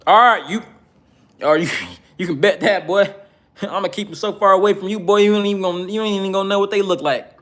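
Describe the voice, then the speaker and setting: A man's voice: sits high, fairly even intonation, a little fast, fairly bright tone, pitched above the performer's own voice. A smug, condescending elite as a man puts him on speaks in a mock Canadian accent, chummy on the surface and mocking underneath. The voice sits well above the man's own register. The friendliness is plainly hollow. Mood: mock friendly. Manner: chummy, mocking, calls people buddy and pal.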